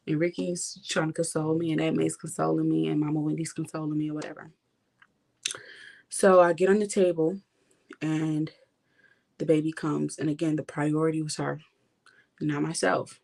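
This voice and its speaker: A woman's voice: sits low, gravelly. A young woman vlogger giving an impassioned personal testimony, talking straight to her viewers. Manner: impassioned, addresses viewers directly.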